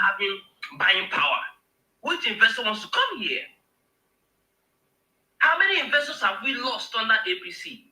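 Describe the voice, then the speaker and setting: Impassioned high-voiced Nigerian man. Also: bright, forceful tone, echoey room, poor audio. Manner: emotional, emphatic, repeats words when heated. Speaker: guest speaker on live show. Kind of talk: impassioned political rant.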